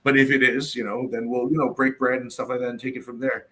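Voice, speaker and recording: A man at a medium pitch holding forth in a loose roundtable conversation. He rants, swears freely and leans hard on his points. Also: little pitch movement, fast talker, sharp tone. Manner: ranting, profane, emphatic. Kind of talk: casual roundtable chat.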